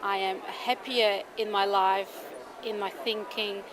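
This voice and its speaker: A woman giving a measured, heartfelt testimonial. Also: medium pitch, fairly even intonation, a crowd in the background. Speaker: testimonial speaker. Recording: clear background noise.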